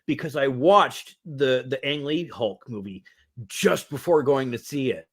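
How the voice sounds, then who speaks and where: A man in his forties co-hosting a casual movie review podcast, animated, laughing often and swearing freely. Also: medium pitch, unhurried. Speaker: podcast co-host.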